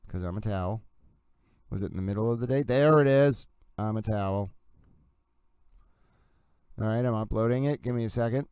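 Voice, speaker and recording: A man's voice: fairly low pitch, creaky, darkish tone, smooth, no echo. A man with a Boston accent, hosting a casual live stream and chatting playfully while he works on his computer. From New England. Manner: playful, self-mocking chatter while working. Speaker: livestream host.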